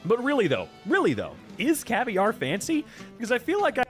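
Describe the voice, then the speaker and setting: A man's voice: very high voice, fairly quick, faint music behind. A man hosting a casual reaction stream, ranting sarcastically with lots of profanity. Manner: animated, profane, sarcastic rants. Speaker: VTuber streamer reacting to posts.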